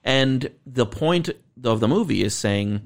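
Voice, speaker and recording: A man's voice: medium pitch, animated, measured pace, vocal fry. A man co-hosting a casual podcast chat, wry and profane, agreeing often with his partner. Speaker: podcast co-host.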